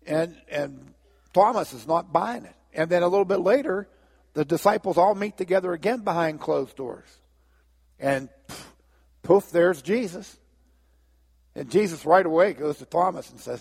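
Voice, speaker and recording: A man preaching a sermon as pastor, telling a story and acting out the characters' lines in lively voices. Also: high-pitched, normal speed, vocal fry, slightly rough, in a large hall. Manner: storytelling, acts out biblical dialogue with lively voices.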